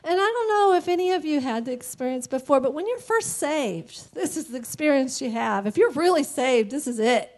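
A woman's voice: sits high, expressive. A woman giving an earnest, emotional personal faith testimony, near tears. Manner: emotional and earnest, quick to laugh. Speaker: church member giving a testimony.

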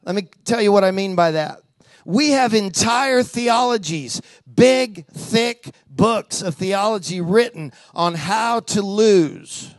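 A man's voice: sits high, lively intonation, slow, no room sound. A man preaching a sermon in a conversational storytelling way, drawing the congregation in with questions and call-and-response.

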